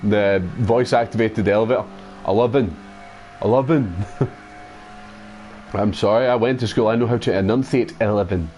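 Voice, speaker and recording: A man's voice: lowish voice, fairly even intonation, quick pace, few pauses, darkish tone, a little hiss or hum. A Scottish man chatting casually while streaming a racing game, sweary and mocking, often laughing. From Scotland. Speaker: gaming streamer. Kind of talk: casual gaming stream chat.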